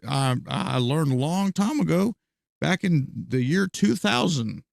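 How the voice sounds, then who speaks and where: A man's voice: a little high, animated, unhurried, gravelly, no echo, studio quality. A man streaming a video game, ranting with heavy profanity and bursts of laughter as he comments live.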